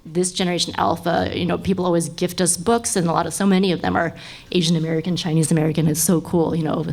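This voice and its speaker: A woman's voice: lowish voice, level tone, fast, darkish tone. A woman in her thirties, a guest on a live podcast panel, talking casually with lots of fillers and frequent laughter.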